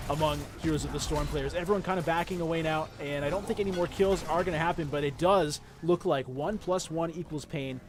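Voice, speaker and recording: A man's voice: fairly high pitch, steady tone, fairly quick, noisy background. A man casting an esports match play-by-play, with chatty, joking asides to the viewers. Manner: jokey, chatty asides to the chat. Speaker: esports caster. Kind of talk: play-by-play game commentary.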